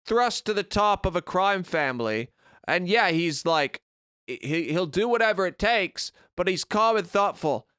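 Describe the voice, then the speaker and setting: Brief: high, clean-toned male podcast co-host, blunt and sweary, dry close sound. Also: expressive, unhurried, sharp tone, clear, resonant tone, no room sound. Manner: opinionated, profane ranting. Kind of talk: casual chat. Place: remote recording.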